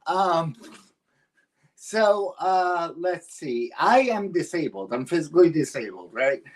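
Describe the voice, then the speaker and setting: Guest comic, man with a higher voice, dry self-mocking delivery, lots of ums. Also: big pitch swings, slow. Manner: dry self-deprecating jokes, hesitant fillers. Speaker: guest comedian. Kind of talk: stand-up comedy.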